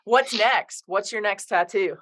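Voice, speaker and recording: A woman's voice: mid-range voice, a little slow, fairly bright tone. A woman hosting a podcast interview, upbeat and friendly as she asks questions. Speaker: podcast host. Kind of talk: casual interview.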